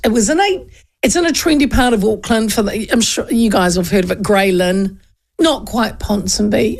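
Gravelly chatty New Zealand woman host. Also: mid-range voice. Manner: chatty, animated, self-mocking, acts out quotes. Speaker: radio host. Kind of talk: casual radio chat and storytelling.

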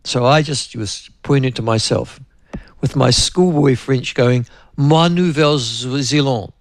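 Gravelly New Zealand radio host. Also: male voice, medium pitch, a little slow, no echo. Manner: chatty, anecdotal, addresses co-host often. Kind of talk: rambling radio talk-show chat.

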